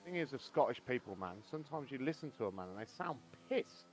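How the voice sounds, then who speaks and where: A man's voice: mid-range voice, big pitch swings, fast talker, a little hiss or hum. A man streaming a co-op racing game, chatting casually, joking and swearing freely as he tells stories between laps. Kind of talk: casual gaming banter.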